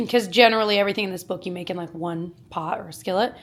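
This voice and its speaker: A woman vlogging casually and cheerfully about her run, her dog and making dinner. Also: medium pitch. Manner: cheerful, chatty, quick asides. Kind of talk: casual vlog chat.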